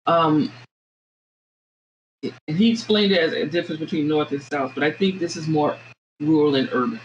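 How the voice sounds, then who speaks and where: A woman with a Southern American accent, a podcast guest talking things through in a reflective, halting way with many restarts. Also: low-pitched, lo-fi sound, a little hiss or hum. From Southern United States. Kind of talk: casual podcast conversation.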